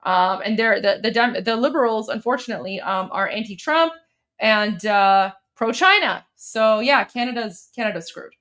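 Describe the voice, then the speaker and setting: A woman's voice: fairly high pitch, normal speed, a bit bright. A woman co-hosting a live stream, chatting casually and bluntly as she reads out viewer messages, with plenty of "like" and "um".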